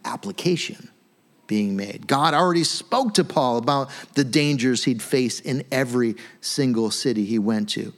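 Male pastor, casual animated sermon delivery, mid-pitched voice. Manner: conversational, animated, frequent "right?" asides. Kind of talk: sermon teaching.

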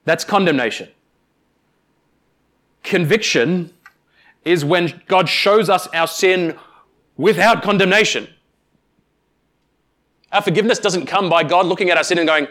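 A man preaching a sermon, speaking emphatically with deliberate pauses and addressing the congregation directly. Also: high-pitched, a bit bright. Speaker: pastor.

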